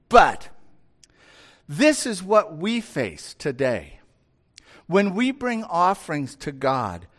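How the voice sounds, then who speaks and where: A male pastor delivering a conversational sermon, retelling scripture with acted voices. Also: high voice. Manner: conversational, animated storyteller.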